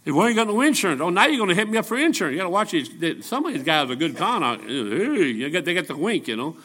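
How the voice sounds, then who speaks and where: A seventy-year-old man preaching with a bright, forceful voice pitched a little high. He tells folksy stories and jokes, pressing his points with emphatic repetition. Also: sing-song, fast talker, slightly rough. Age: 70s. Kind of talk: storytelling sermon.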